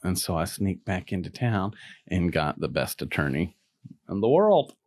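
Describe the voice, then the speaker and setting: A middle-aged man, a podcast guest, telling a personal story in a casual, animated way, acting out the voices of people he quotes and swearing now and then. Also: low voice, moderate pace, no echo.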